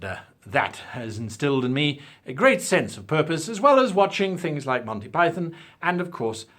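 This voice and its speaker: Lively husky-voiced South African man. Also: mid-range voice. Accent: South African English, with crisp British-style diction. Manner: theatrical, lively delivery with drawn-out emphasis. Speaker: channel host. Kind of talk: talking-head advice video.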